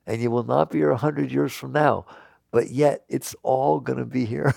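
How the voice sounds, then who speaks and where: A man giving an earnest spiritual talk to an audience, now and then laughing and jumping up in pitch for emphasis. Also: moderate pace, creaky, darkish tone, husky, no echo, studio quality. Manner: earnest, laughs and jumps high when emphatic. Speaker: spiritual teacher.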